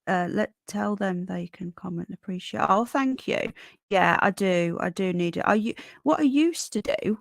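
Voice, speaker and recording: A woman's voice: mid-range voice, animated, moderate pace, creaky, no echo, studio quality. A woman with a Northern English accent hosting a casual livestream, tired, greeting viewers by name and calling them darling. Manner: greets viewers by name while reading chat; calls viewers darling and sweetheart. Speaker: livestream host.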